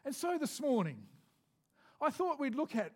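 A man preaching a sermon as pastor, leading the congregation in responses and reading scripture slowly. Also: extremely high pitch, sing-song.

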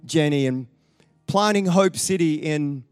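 Man hosting a church service, rousing guest introduction, slightly high voice, unhurried. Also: clear, resonant tone, dry recording, clean studio sound, faint music behind. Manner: rousing, rising to loud calls. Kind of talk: sermon-style introduction.

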